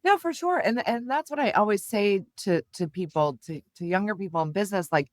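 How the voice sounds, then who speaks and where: Woman guest, middle-aged, animated storytelling, lots of fillers, dry recording. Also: medium pitch, a little fast, no room sound. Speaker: guest, communications executive. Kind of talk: casual interview chat.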